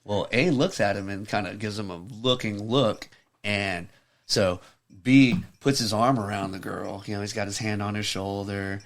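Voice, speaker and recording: A man's voice: on the low side, fairly even intonation, normal speed. A man in casual podcast chat, telling an anecdote in a laid-back way with lots of "you know" and "kinda". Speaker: podcast co-host.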